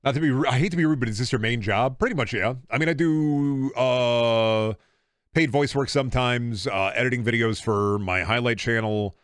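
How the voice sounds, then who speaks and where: A young streamer with a Midwestern American accent, rambling casually while he plays and answers chat. His voice sits at an ordinary pitch for a man. The sound is dry and close, as from a desk mic. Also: normal speed, smooth, no room sound.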